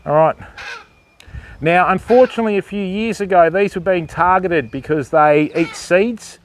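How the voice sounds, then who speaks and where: A man's voice: moderate pace, slight background noise. An Australian man giving a chatty, casual tour of a wildlife park, talking to the camera and the animals. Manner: chatty, cooing at animals in a high voice. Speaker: wildlife vlogger. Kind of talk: casual walking vlog.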